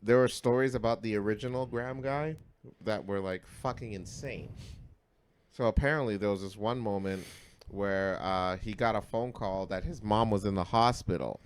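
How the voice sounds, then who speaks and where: A man co-hosting a podcast, telling a story in casual, profane, animated talk that swings between loud and mumbled. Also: on the low side, normal speed, clean tone. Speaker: podcast co-host.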